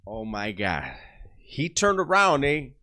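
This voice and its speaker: A man's voice: mid-range voice, sing-song, slow, pushed and bright. A man telling a story to his channel in casual talk, laughing often and using streetwise slang. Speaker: YouTuber.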